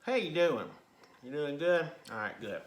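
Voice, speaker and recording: A man's voice: fairly high pitch, very animated, measured pace. A man giving a casual, rambling movie review, chatty and informal with plenty of asides. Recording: roomy echo.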